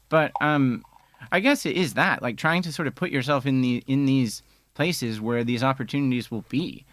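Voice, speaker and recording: A man's voice: medium pitch, brisk, no room sound. A man, a film editor guest telling his career story in casual studio chat with fillers. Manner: relaxed storyteller, many fillers.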